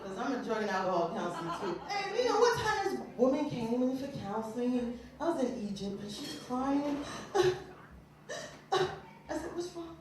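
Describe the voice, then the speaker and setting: Woman stand-up, high and lively, brash and profane; distant mic in an echoey club with crowd noise. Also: moderate pace. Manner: loud, animated, swearing, acts out characters. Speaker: stand-up comedian; mother of three grown children. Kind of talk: stand-up comedy set. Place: small club stage in Honolulu. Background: audience laughter.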